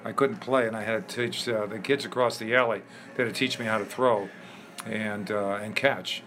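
An older man from Chicago, a guest in an interview, telling lively anecdotes with many fillers. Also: lowish voice, normal speed, a little hiss or hum. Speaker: interview guest, former ballplayer. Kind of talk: storytelling in a conversation.

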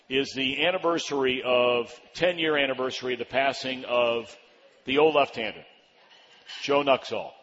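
A man's voice: mid-range voice, a bit bright, in a large hall, dull audio. A man hosting a live radio talk show, chatty and prone to stammering restarts. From Virginia Beach, Virginia. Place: live event venue with crowd.

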